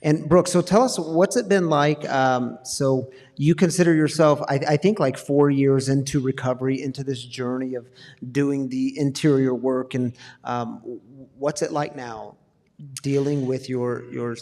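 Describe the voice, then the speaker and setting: A man's voice: mid-range voice, steady tone, a little slow, darkish tone. A man hosting a recovery community talk, interviewing a guest and speaking out to the audience in an affirming way. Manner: affirming, addresses the audience, plays out voices. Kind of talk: conversational interview. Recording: long reverb in a hall.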